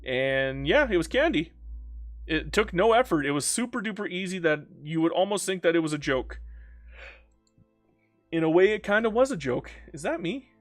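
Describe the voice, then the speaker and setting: A man's voice: a little high, animated, moderate pace, no room sound, soft background music. A man giving casual, joking commentary while playing a strategy game, talking back to the game. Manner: playful, joking, talks to the game.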